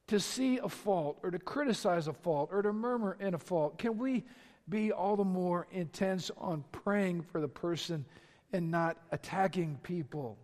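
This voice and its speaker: Male pastor, high voice, emphatic repeating sermon style, long hall reverb. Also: a little mellow. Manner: impassioned preaching with emphatic repetition. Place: large church sanctuary.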